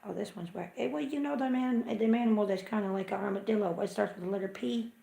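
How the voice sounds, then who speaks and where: A woman's voice: medium pitch, fast, vocal fry, dark tone. A woman hosting a casual livestream, chatty and self-mocking, often muttering half to herself. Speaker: livestream host. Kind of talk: casual live chat. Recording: echoey room.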